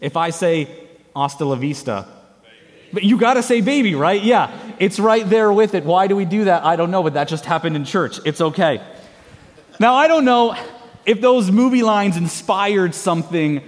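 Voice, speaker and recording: A man's voice: high voice, expressive, moderate pace. A man in his thirties, a pastor preaching a sermon and leading the congregation in playful call-and-response. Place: church sanctuary. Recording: long hall reverb of a church.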